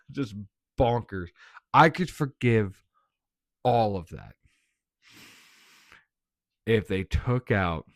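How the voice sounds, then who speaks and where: A man's voice: on the low side, dry recording, studio quality. A man giving a casual, blunt movie review, laughing often and swearing.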